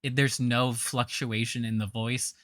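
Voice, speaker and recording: A man's voice: mid-range voice, level tone, unhurried, fairly bright tone, dry recording, studio quality. A man giving blunt, scornful reaction commentary, with a trained singer's voice.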